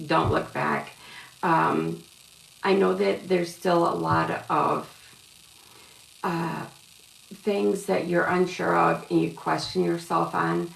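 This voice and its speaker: With a creaky voice on the low side, a woman rambles through casual live-stream tarot readings, addressing viewers as "love" and "sweetheart." Faint background noise sits under the echoey room sound.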